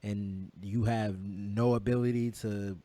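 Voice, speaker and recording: A man's voice: lowish voice, fairly even intonation, slow, mellow, no room sound. A man co-hosting a podcast, retelling a story in casual chat with many quoted exchanges and restarts. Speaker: podcast co-host.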